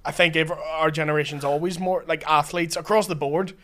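A man with a somewhat higher voice telling stories in lively, joking bursts. He swears freely and keeps the chat loose and rowdy. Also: a little fast. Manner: animated, joking, swears, laughs often. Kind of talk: casual chat.

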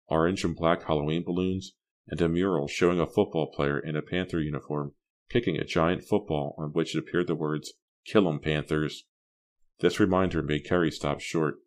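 A man narrating an audiobook in a steady, measured reading. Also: extremely low pitch. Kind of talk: scripted narration.

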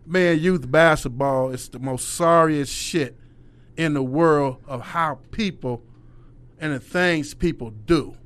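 A middle-aged man, a youth basketball coach, telling stories in casual conversation, profane and animated, acting out the voices of the people he quotes. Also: on the high side, slow pace, clear, resonant tone.

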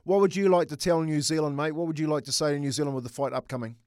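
A man's voice: fairly high pitch, steady tone, very fast, a little mellow, clear, resonant tone, dry recording, clean studio sound. A man co-hosting a radio interview, asking friendly, rambling questions.

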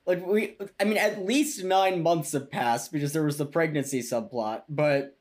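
A man's voice: on the high side, moderate pace, darkish tone. A man co-hosting a podcast, chatting casually about a TV episode with wry, analytical remarks. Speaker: podcast co-host. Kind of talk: casual chat recapping a TV episode.

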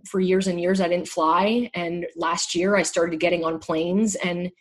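A middle-aged woman speaks in a husky, breathy voice, candid and heartfelt. She often stops and restarts mid-thought as she shares her story. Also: on the low side, steady tone, unhurried. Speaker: guest sharing her story. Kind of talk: emotional personal conversation.

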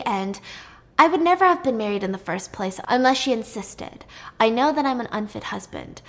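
A woman voicing a gentle, weary craftsman and single father who talks in a quiet, confiding way. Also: a little high, close to an everyday voice.

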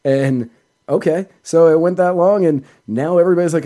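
A man's voice: on the high side, moderate pace, warm tone. A man on a casual podcast, telling long rambling stories and cutting himself off with asides. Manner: rambling, self-interrupting anecdotes. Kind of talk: casual storytelling chat.

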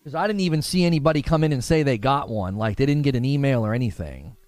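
A young man doing casual livestream commentary on games, animated and exasperated. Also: medium pitch, dry recording. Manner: animated, exasperated, quick retorts. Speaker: gaming streamer.

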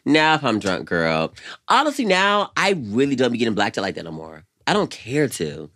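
A young man co-hosting a podcast, chatting casually and sassily, saying "girl" at every turn and laughing loudly. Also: medium pitch, huge pitch swings, normal speed. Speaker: podcast co-host. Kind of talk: casual chat.

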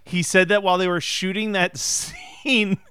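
A man's voice: high-pitched, wildly swooping pitch, unhurried, bright, forceful tone, smooth, no room sound. A man co-hosting a casual movie podcast, laughing often and acting out lines in mock-dramatic voices. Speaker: podcast co-host. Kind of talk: casual movie review chat.

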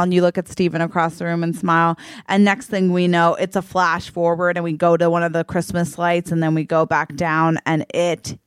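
Woman, comedy podcast co-host, playful, low-ish pitch, dry close mic. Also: smooth, no echo. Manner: playful, reacts with groans and gasps. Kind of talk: comedic improvised storytelling.

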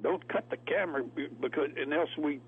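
Over a tinny phone line on the radio, an actor appears as a guest in a storytelling interview. His voice is on the high side with a breathy edge, and he talks fairly quickly, laughing often as he tells folksy stories.

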